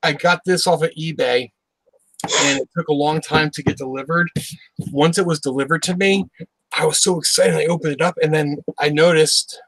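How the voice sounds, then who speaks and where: Excited, swearing man with a higher voice. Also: normal speed, dry recording, rough recording. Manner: excited, profane storytelling with quoted exchanges. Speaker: horror collector showing his collection. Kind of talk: casual chat.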